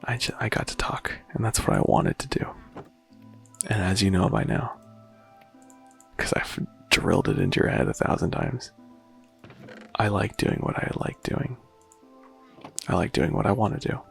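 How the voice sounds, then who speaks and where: A soft-spoken man rambles reflectively as he plays, his low voice crackling with thick, gravelly fry. His pitch swings widely from word to word. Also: sing-song, normal speed, long pauses, soft background music. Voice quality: vocal fry when speaking quietly. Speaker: gaming vlogger. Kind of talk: casual musing while playing a game.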